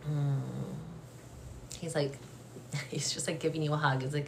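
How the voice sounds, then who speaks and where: A young adult woman does a live-streamed psychic reading in a low, gentle voice. She talks haltingly, with many fillers and restarts, and turns emotional at times. A faint ambient hum sits behind her on a phone mic. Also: flat delivery. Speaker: medium.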